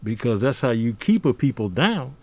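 An older man from the United States, guesting on a podcast, speaks at normal speed in a mid-range, sing-song voice with a darkish tone. He's emphatic and preacherly in the conversational interview, often adding "see?".

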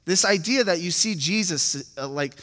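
A man with a high voice delivers a sermon in the loose, chatty manner of someone telling a story, full of casual fillers. His voice rings out with a long reverb, as in a church hall. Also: expressive, moderate pace, sharp tone. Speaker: pastor.

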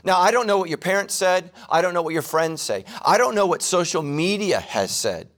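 A man preaching a sermon in a casual, joking way, slowing down to repeat key lines. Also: sits high, animated, fairly bright tone. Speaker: pastor.

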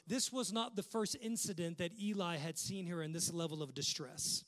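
A man's voice: sits high, normal speed, fairly bright tone. A male pastor preaching a sermon with impassioned, rhythmic repetition.

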